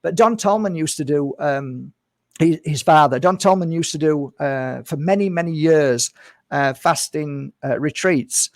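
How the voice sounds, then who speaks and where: Brief: male vlogger, higher-pitched, dry close sound, loose earnest monologue full of repeats. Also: measured pace, no room sound. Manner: earnest and rambling, repeats phrases, addresses viewers as guys. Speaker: spiritual healer and vlogger. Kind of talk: casual talk to camera.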